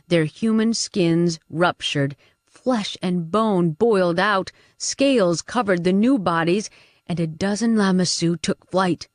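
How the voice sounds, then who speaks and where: Low-voiced woman narrating an action audiobook. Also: no echo, clean studio sound. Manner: dramatic, pushes character shouts high and loud. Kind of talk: first-person audiobook narration.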